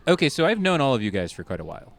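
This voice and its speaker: Lively sarcastic young man. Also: mid-range voice, racing. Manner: lively, sarcastic, swears a lot. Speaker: podcast co-host. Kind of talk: casual movie review chat.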